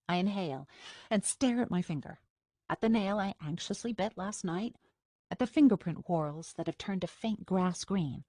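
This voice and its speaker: A woman reading a first-person audiobook in a steady, measured storytelling manner. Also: on the low side, dry recording. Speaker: audiobook narrator. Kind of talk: scripted first-person narration. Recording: dry studio recording.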